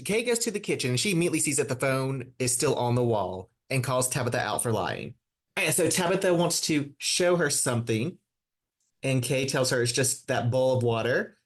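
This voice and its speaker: A woman co-hosting a podcast, recapping episodes in relaxed casual chat with frequent laughs. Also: rumbling low, moderate pace, husky. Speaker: podcast co-host.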